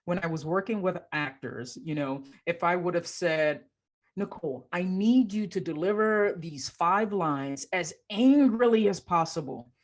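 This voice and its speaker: A woman's voice: lowish voice, measured pace. A woman hosting a podcast as a coach, talking casually and affirming her guest often. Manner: warmly affirming, coaching tone, frequent agreement.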